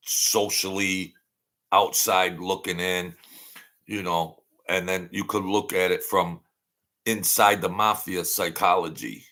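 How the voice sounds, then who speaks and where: A deep, gravelly middle-aged man, talking bluntly on a casual livestream. He rambles and circles back, repeating the same line a few times over. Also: bright, forceful tone. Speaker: livestream host.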